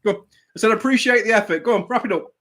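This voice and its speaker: A man, a guest in a casual chat, relaxed and dry in his banter. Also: high voice, fast.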